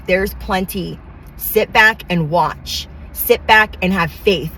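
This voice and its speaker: A woman's voice: mid-range voice, slow pace, fairly bright tone, a little hiss or hum, poor audio. A woman giving a channeled tarot reading, talking in emphatic, repetitive affirmations with casual slang. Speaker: tarot reader.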